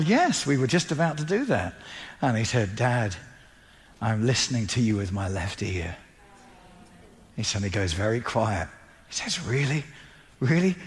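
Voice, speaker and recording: High, bright-voiced preacher man in a hall. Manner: animated storytelling, acting out dialogue. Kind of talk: sermon with storytelling.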